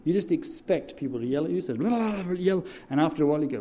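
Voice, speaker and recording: A man's voice: fairly high pitch, fast talker, hardly any pauses, slight background noise. A man who serves as a church deacon, telling a story in a sermon and drawing answers from his listeners. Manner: animated, call-and-response with audience.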